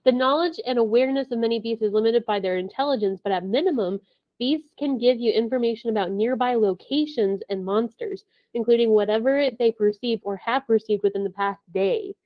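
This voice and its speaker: A woman's voice: a little high, brisk, no echo, dull audio. Giggly woman tabletop player. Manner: chatty, giggly. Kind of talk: casual tabletop play.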